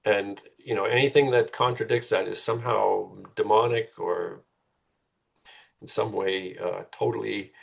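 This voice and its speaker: A man's voice: lowish voice, steady tone, measured pace, creaky, breathy edge. A middle-aged man, a guest author in a conversational podcast interview, making his points earnestly and repeating words as he builds them.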